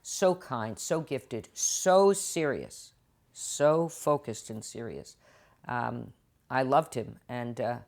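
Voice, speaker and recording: Older actress guest, deep low voice, expressive storyteller. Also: female voice, slow pace, creaky. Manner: animated, acts out quotes in different voices. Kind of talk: interview storytelling. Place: TV studio.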